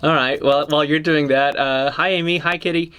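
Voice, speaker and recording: A man's voice: on the high side, steady tone, a little fast, pushed and bright, clear, resonant tone. A man co-hosting a casual livestream, chatty and greeting viewers by name, often restarting his sentences. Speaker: co-host.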